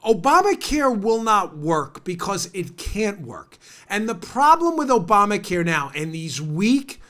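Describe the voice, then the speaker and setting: Bright, animated ranting male host. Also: high voice, a little slow. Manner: sarcastic, ranting, mocking. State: stuffed up from a cold. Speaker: political talk show host. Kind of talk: opinionated talk show monologue.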